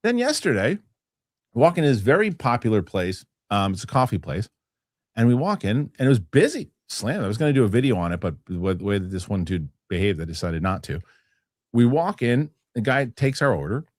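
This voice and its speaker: A man's voice: fairly low pitch, big pitch swings, brisk, dry recording, studio quality. A man hosting a casual podcast, telling a story with many restarts and some swearing. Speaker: show host.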